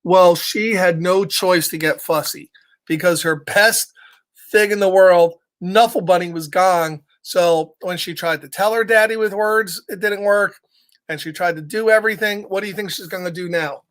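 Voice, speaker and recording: A man reading a picture book aloud to young children, with animated, chatty asides to his listeners. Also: sits high, moderate pace. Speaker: storytime reader for children.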